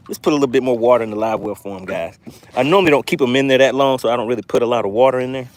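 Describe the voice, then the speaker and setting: A man hosting a live fishing stream from a boat on a lake, excitable and playful as he reads the chat aloud. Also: mid-range voice, rapid-fire. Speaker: fishing channel host.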